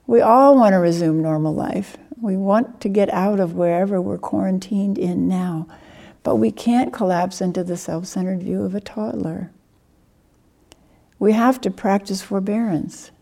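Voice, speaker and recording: A woman, a Buddhist teacher, giving a dharma talk in a gentle, measured and earnest way. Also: mid-range voice, gravelly.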